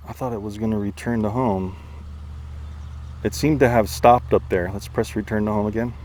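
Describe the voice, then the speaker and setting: A man doing excitable, casual commentary outdoors while flying and chasing a drone, out of breath at times. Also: fairly low pitch, moderate pace, a little hiss or hum. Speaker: drone reviewer. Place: outdoors among trees.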